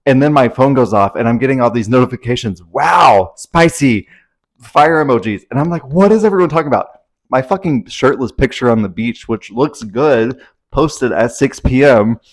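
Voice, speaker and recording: A young man telling a story to his camera at home in a casual vlog, rambling, anxious and swearing freely. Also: medium pitch. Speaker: vlogger. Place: at home indoors.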